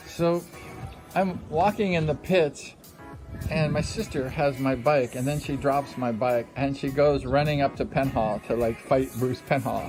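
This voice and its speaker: A former speedway rider in his sixties, casually telling a story from his racing days, animated and full of fillers. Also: mid-range voice, moderate pace. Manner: animated, acts out quotes, many fillers. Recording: music under the voice. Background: background music.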